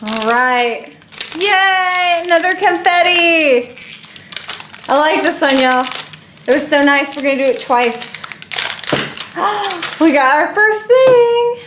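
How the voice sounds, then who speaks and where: A woman's voice: high-pitched, expressive, slow pace, long pauses, roomy sound, noisy background. A woman unboxing toys on her own channel, gushing and playful, squealing with delight at each surprise. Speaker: toy unboxing vlogger. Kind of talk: excited toy unboxing chatter.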